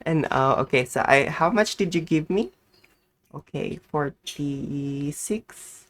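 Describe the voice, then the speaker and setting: Low gravelly woman streamer, swearing. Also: slow. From Philippines. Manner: swearing, chatty self-talk while playing; squeals greetings at customers. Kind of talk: live gameplay chat.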